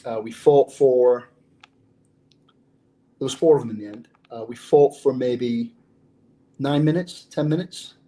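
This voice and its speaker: A man's voice: medium pitch, unhurried, pauses often, dark tone, rough recording. An English man who is a former undercover police officer, telling a story in an interview in a blunt, profane way. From England.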